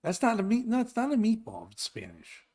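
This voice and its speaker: High-pitched, animated ranting comedian. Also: male voice, fairly quick. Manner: loud, exasperated, profane ranting. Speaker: comedian podcast host. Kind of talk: crude comedic rant.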